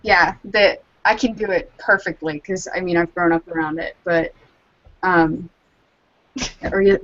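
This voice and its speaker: A woman's voice: on the low side, fairly even intonation, a little slow, a bit bright, dull audio. A woman from Charleston chatting casually on a podcast, rambling with lots of likes and ums. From Charleston, South Carolina, US. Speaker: guest artist.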